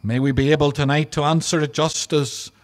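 Pastor preaching, higher voice, earnest, leans hard on the bible quotes. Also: male voice, fairly even intonation. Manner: earnest, emphatic preaching with slow, stressed scripture quotes. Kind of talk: sermon. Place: outdoor drive-in church service.

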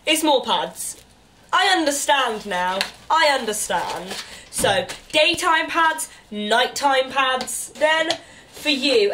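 A young woman with a stuffy cold, chatting brightly as she unboxes beauty gifts, cooing and gasping at each item. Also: high voice, slight background noise. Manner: bubbly, chatty, gasps and coos at each item. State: congested with a cold. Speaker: beauty vlogger. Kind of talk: casual unboxing chat.

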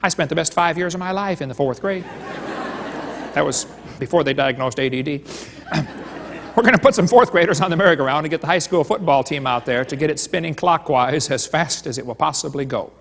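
A man with a somewhat high voice lectures at a live seminar, mixing jokes with stories that he acts out as dialogues. His voice rings with the long reverb of a large hall. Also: brisk, gravelly, fairly bright tone, slight background noise. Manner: joking storyteller, retelling dialogues. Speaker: creationist seminar speaker.

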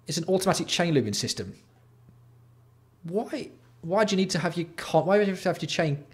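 A man's voice: high-pitched, animated, racing. A young man hosting a livestream, reading product copy aloud and mocking it with sweary, exasperated commentary. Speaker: livestream host.

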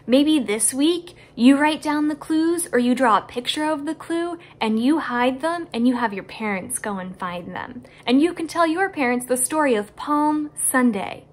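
A woman with a bright, high voice tells a story to children. She sounds animated and eager, and she keeps asking her young listeners questions as she goes. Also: moderate pace, hardly any pauses. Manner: animated, enthusiastic, speaks directly to kids. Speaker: children's church teacher.

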